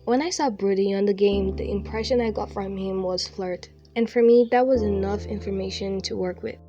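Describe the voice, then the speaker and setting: A woman's voice: mid-range voice, normal speed, muffled recording. Chatty young woman narrating art voice-over. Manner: chatty, enthusiastic, relaxed. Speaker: digital art youtuber. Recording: faint music behind.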